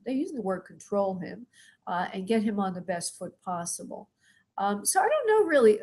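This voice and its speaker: A woman's voice: mid-range voice, dark tone, husky. A middle-aged woman, a spirit medium, gives live readings to callers, calling them sweetheart and honey and asking spirit yes-or-no questions. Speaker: spirit medium hosting a call-in show.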